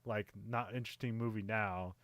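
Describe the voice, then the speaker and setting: A man's voice: lowish voice, steady tone, moderate pace, fairly bright tone, no room sound. A man co-hosting a casual movie podcast, rambling and laughing often, with lots of fillers. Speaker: podcast co-host.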